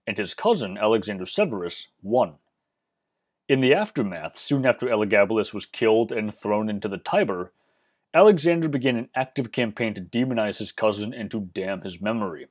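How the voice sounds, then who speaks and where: A man narrating a history lesson, measured and explanatory with dry, wry asides. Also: fairly low pitch, expressive. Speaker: history channel host.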